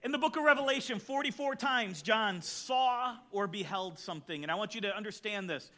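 A man preaching a sermon from a church stage, telling jokes and stories in an expressive way. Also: high-pitched, brisk. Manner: storytelling, tells jokes from the pulpit, expressive. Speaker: pastor.

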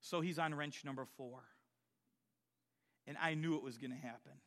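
A middle-aged man preaching a sermon, telling personal stories and swinging from quiet storytelling to loud exhortation. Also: fairly high pitch, normal speed. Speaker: pastor.

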